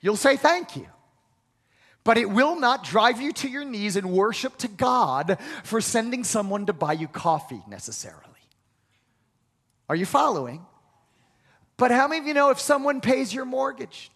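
High-voiced pastor preaching in a reverberant hall. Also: male voice, expressive, moderate pace, fairly bright tone. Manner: emphatic, repetitive, leads call-and-response. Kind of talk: sermon. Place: church sanctuary. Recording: long reverb of a large hall.

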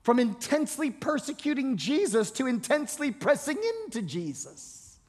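A man's voice: extremely high pitch, sing-song, normal speed, husky. A male pastor preaching a sermon, emphatic and repetitive, often restarting words as he presses a point. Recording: reverberant hall.

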